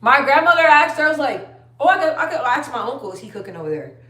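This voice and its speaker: A woman's voice: high-pitched, big pitch swings, fast, pushed and bright. A young woman chatting casually on a phone live stream, rambling and trailing off. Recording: roomy echo.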